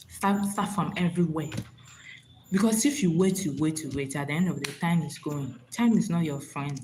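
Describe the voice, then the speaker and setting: A woman with a lowish voice hosts a live stream, offering motivational advice in a preachy, repetitive manner and often asking, "you understand?" The recording is rough, with a little hiss or hum.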